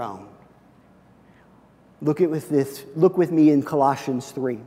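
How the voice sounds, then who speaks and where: A man preaching a sermon as pastor, swinging from loud high bursts to low hushed lines. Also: animated, unhurried, long pauses. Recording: long reverb of a church hall.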